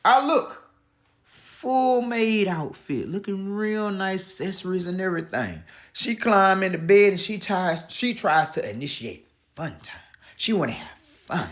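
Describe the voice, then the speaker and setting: A man's voice: sits high, animated, unhurried, fairly bright tone. A man casually telling a personal story, retelling the dialogue in a conversational way.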